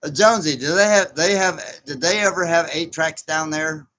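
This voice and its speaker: A man's voice: a little high, normal speed, bright, forceful tone. A man in his sixties chatting casually as host of a livestream, reading viewer comments aloud, rambling and chuckling often. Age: 60s. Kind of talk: casual live chat.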